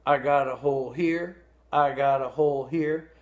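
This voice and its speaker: A small young fish, shy and sheepish, voiced by a man in a storybook telling. He sounds embarrassed and low-key, slow to get his words out. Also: fairly even intonation, lo-fi sound, lightly acted.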